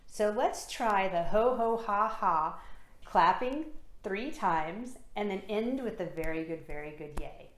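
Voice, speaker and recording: A woman who leads laughter yoga, explaining its benefits and guiding listeners through breathing and clapping exercises in a calm, encouraging way. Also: mid-range voice, unhurried, roomy sound, a little hiss or hum. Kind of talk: instructional talk with guided exercises.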